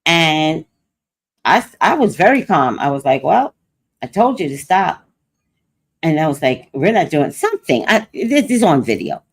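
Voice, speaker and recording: A woman's voice: sits low, a little slow, slightly rough. An older woman hosting a livestream, telling a personal story in casual chat and acting out what others said. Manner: animated storytelling, quoting others. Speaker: host.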